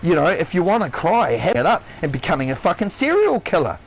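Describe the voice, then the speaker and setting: A man's voice: high voice, sing-song, fairly quick, husky, rough recording. A man with a New Zealand accent, ranting on a live game stream, swearing heavily and repeating himself. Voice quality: swears constantly, shouts and drops his voice, repeats himself. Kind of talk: heated rant on a live stream.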